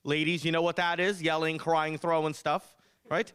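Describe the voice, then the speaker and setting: A young man doing a stand-up comedy set, telling animated stories with punchy delivery. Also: on the high side, moderate pace, clear, resonant tone, no echo. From United States.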